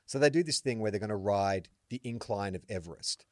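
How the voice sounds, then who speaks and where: An Australian man co-hosting a sports podcast in casual chat, telling animated stories and acting out quotes. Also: fairly low pitch, fairly quick, dry recording, studio quality. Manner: animated storyteller, acts out quotes loudly. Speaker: podcast co-host.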